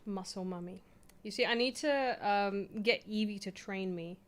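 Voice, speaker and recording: A woman's voice: mid-range voice, normal speed. A young woman streamer chatting casually and rambling from a small home office, poking fun at herself. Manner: rambling, chatty, self-mocking. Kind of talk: casual live-stream chat.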